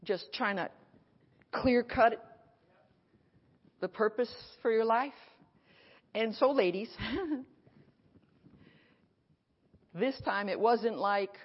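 A woman pastor preaching an animated sermon at a conference and acting out her dialogue, recorded in an echoey hall. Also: medium pitch, slow, long pauses. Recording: echoey hall, dull sound.

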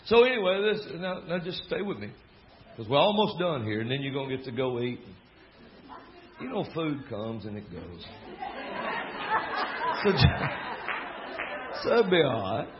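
A man with a Southern US accent, a preacher telling a family story in a folksy, animated way with laughing asides. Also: mid-range voice, normal speed, pauses often. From American South. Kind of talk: storytelling sermon. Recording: dull lo-fi recording with faint crowd and noise. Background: faint audience laughter.

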